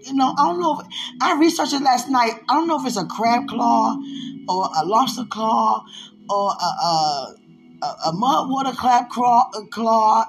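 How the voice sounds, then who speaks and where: A woman's voice: fairly high pitch, moderate pace, poor audio. A woman in casual talk to the camera, gushing and giggling as she rambles, with her voice swinging up and down. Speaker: vlogger addressing a loved one. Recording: music bed under the voice. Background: music playing.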